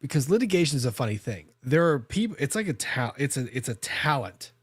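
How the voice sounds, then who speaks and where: A man's voice: mid-range voice, very animated, fairly quick, breathy edge, dry recording. A man, a lawyer hosting a podcast, telling a story in a casual, conversational way with frequent restarts and self-corrections.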